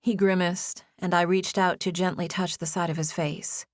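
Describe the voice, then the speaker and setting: A young adult woman narrating a first-person audiobook with gentle, intimate storytelling. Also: lowish voice, flat delivery, normal speed, no room sound, studio quality.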